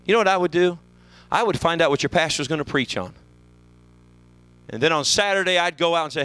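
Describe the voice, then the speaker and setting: Fervent pastor with wide-swinging pitch. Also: male voice, very animated, fast talker, low-quality recording. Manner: fervent preaching, sweeping from hushed lows to shouted highs. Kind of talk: sermon. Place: church sanctuary.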